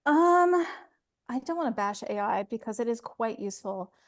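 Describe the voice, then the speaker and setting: A woman's voice: on the high side, animated, moderate pace. A young adult woman voice actor being interviewed, talking casually and candidly and laughing easily. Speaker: voice actor guest.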